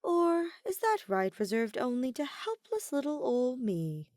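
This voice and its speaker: A woman's voice: sits high, very animated, unhurried, a little mellow, no room sound, pitched above the performer's own voice. A flippant young gambler with a light, teasing manner, as a woman reader puts him on. He talks with theatrical flair in a fan audio story, and the recording is dry and close. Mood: playful.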